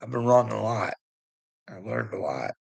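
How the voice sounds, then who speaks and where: A man's voice: on the low side, animated, moderate pace, creaky, a little mellow, slightly rough, rough recording. A man giving rambling casual commentary to a viewer, chuckling often and swearing freely. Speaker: online commentator.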